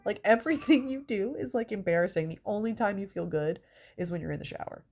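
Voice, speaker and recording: A woman's voice: mid-range voice, a little fast, a little mellow. A woman with a stuffy, congested nose, doing a stand-up comedy bit in an exasperated, rambling way, swearing often.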